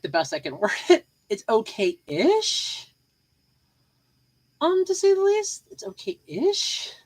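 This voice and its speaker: The recording is low quality, and the woman's lowish voice has a breathy edge. Hosting her own podcast, she's sleepy and casual, rambling with lots of fillers and repeated phrases.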